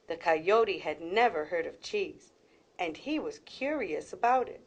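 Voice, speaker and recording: Slow, expressive woman reading a story. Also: lowish voice. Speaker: guest reader. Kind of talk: reading a picture book aloud.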